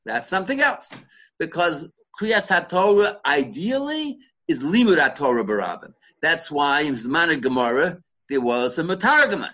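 A bright-voiced man leads a Torah study lesson, working through Hebrew and Aramaic sources step by step. He often restarts and repeats words as he thinks aloud. The recording is dull and lo-fi. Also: a little high, very animated, normal speed. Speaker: Torah teacher. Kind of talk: Talmudic study lecture.

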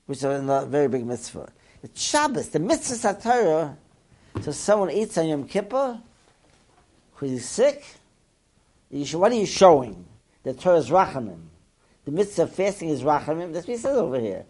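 Teaching a Torah class, a man with a slightly high, husky voice speaks animatedly, asks his listeners questions, and blends Hebrew and Yiddish terms into his English.

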